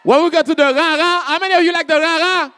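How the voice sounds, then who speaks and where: A man from Haiti, emceeing a community college event with lively, crowd-rousing energy. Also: very high voice, fast talker. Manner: energetic, hypes up the crowd, calls out questions.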